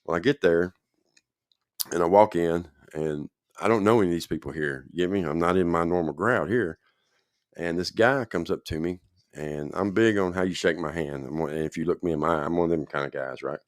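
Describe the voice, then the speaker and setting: A man's voice: low-pitched, brisk, no room sound, clean studio sound. A man hosting a show and telling his own story in a loose, rambling way, often checking that the listener is following. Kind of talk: casual spoken storytelling.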